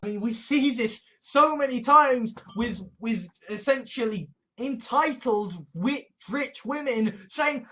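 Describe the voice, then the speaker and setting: A man's voice: sits high, normal speed, pushed and bright. A man delivering an indignant, sarcastic, profane rant, often repeating and stumbling over his words. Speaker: online commentator. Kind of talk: ranting monologue compilation.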